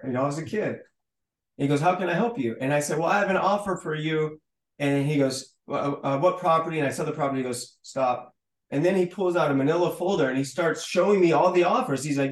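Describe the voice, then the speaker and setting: A man being interviewed as a guest, telling a story in a lively way, acting out the dialogue and stumbling over repeated words. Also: a little high. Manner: animated storyteller who acts out dialogue, with stammered restarts. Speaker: podcast guest. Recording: roomy, echoey room sound.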